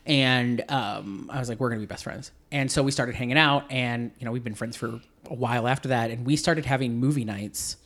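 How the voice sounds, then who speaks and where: A man's voice: mid-range voice, a little fast, hardly any pauses, fairly bright tone. A man in his forties hosting a podcast, chatting casually, swearing freely and laughing often as he rambles through stories. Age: 40s. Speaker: podcast host. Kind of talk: casual chat.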